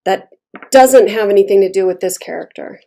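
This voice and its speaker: A woman's voice: mid-range voice, a little fast, gravelly, dark tone. A woman giving a casual tarot reading, talking bluntly and chattily and swearing freely. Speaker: tarot reader.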